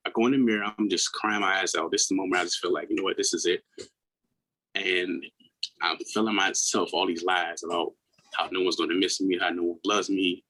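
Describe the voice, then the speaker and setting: A man in his thirties, a podcast guest, telling his own story in a candid, earnest way, often restarting his words and acting out what others said in a higher voice. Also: steady tone, brisk, bright, forceful tone, low-quality recording. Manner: acts out quoted people in a raised voice.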